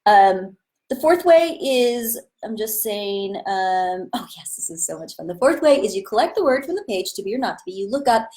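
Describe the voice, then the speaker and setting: A woman's voice: medium pitch, sing-song, moderate pace, a little mellow. A woman acting teacher giving an enthusiastic, chatty live-streamed lesson with a webcam-style mic. She talks in a casual way and breaks into sudden bursts when she demonstrates. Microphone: webcam or phone on a live stream.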